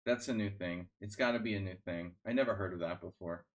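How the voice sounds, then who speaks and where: A man's voice: low voice, fast talker. A man streaming chess, chatting casually in a rambling, sardonic way, full of restarts and fillers. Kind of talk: casual live-stream chat.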